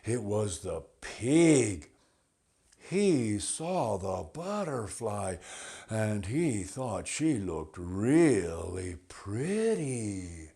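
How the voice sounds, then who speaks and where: Slow, gravelly male storyteller. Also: lowish voice. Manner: animated, deliberate, mixes in Spanish phrases. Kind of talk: bilingual folktale storytelling.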